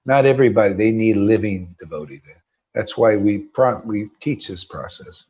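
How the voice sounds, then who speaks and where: A man's voice: on the low side, normal speed, darkish tone, slightly rough. A man giving an informal devotional talk to a group, emphatic and preachy, often restarting and rising into bursts. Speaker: spiritual teacher. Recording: dull lo-fi sound.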